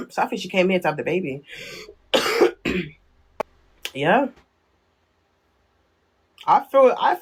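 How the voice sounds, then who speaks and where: A woman's voice: medium pitch, expressive, moderate pace, pauses often, slight background noise, rough recording. A woman with a Jamaican accent ranting on a phone live stream, repeating insults in a heated, cutting manner.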